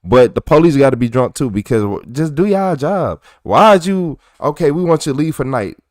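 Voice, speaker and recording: A man's voice: on the high side, very animated, a little fast, darkish tone, no room sound, studio quality. A man reacting to police footage in casual commentary, ranting animatedly in slang.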